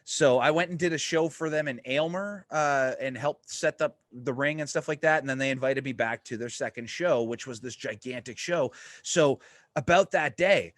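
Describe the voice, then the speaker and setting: A man hosting a podcast, telling a story in a casual, excited way and swearing freely. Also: mid-range voice, normal speed, no room sound. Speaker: podcast host.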